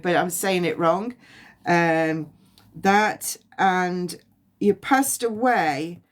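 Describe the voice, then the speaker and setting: A woman giving a past-life psychic reading on a phone livestream, halting and repeating words as impressions come to her. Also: on the low side. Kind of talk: livestream reading and guided release.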